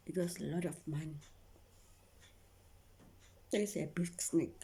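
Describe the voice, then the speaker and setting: A woman's voice: deep voice, unhurried, gravelly, noisy background. A young woman telling an emotional story to her viewers, often dropping into a whisper and repeating herself. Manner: repetitive, keeps addressing viewers. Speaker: vlogger.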